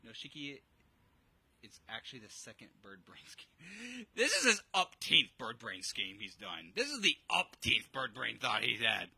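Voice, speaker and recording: A man streaming a visual novel, reading its text aloud and reacting with excitable, jokey, sometimes sweary comments. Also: mid-range voice, measured pace, gravelly, slightly rough, dry recording, low-quality recording.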